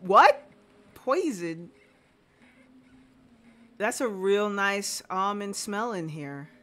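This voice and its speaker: A woman's voice: mid-range voice, expressive, extremely slow, a bit bright. A woman streaming a game live, reading lines aloud and chatting in an amused, questioning way.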